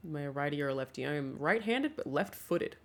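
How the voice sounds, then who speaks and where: A woman's voice: deep voice, expressive, fast. A young woman talking casually to her livestream chat, often laughing and swearing freely, at a home setup with a desk mic. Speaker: streamer.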